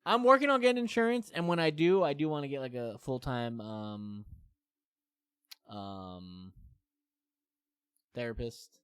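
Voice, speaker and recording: A man's voice: medium pitch, a little slow, long pauses, fairly bright tone, smooth, dry recording, studio quality. A man in his thirties streaming, chatting candidly and rambling with many fillers and self-deprecating asides. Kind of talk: casual chat to stream viewers.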